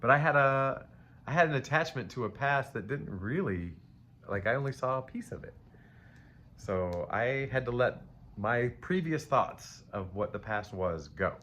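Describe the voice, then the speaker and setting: A man's voice: medium pitch, animated, measured pace, sharp tone. A middle-aged man giving a casual live tarot reading to viewers, rambling and playful, calling them baby. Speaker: tarot reader. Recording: faint ambient noise.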